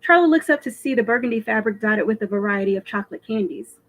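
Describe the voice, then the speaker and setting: Expressive woman author reading her story. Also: a little high, quick pace, rough recording. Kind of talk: reading her own fiction aloud. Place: home, virtual live stream.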